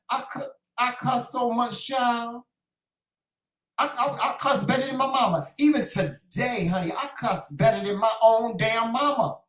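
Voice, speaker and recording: A man's voice: very high voice, fairly bright tone, reverberant, poor audio. A man hosting a casual livestream talk show, delivering a sassy, profane, preachy monologue and calling listeners "child" and "honey". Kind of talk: casual monologue to a live chat.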